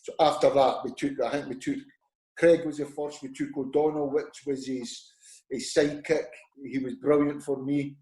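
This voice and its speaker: A man's voice: mid-range voice, flat delivery, normal speed, dark tone. A middle-aged man with a Scottish accent, a former football manager telling stories as a guest and acting out the voices of people he quotes. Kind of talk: conversational storytelling. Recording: roomy echo.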